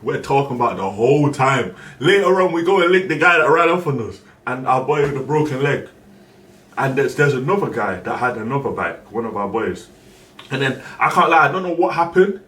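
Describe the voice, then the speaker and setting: A young man, a streamer casually telling a story, acting out other people's lines and breaking into shouts. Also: medium pitch, animated, a little fast. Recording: roomy echo, voice far from the mic, faint background noise.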